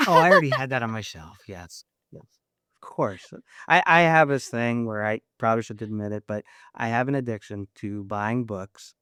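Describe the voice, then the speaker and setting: A man, a therapist, chatting as a podcast guest, playful and animated as he acts out his own thoughts. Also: medium pitch, moderate pace, clear, resonant tone, dry recording, clean studio sound. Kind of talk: casual interview chat.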